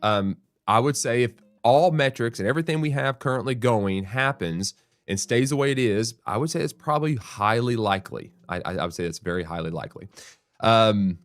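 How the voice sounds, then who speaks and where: A man's voice: mid-range voice, a little fast, no echo. A man hosting a real estate show, explaining market news in a conversational, thinking-aloud way with restarts and frequent "right?" asides.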